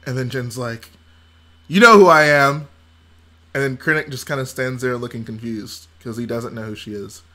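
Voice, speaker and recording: A man's voice: medium pitch, flat delivery, fairly quick, few pauses, fairly bright tone. A man hosting a casual livestream, reading chat aloud, laughing often and trying out movie-quote impressions. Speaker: livestream host.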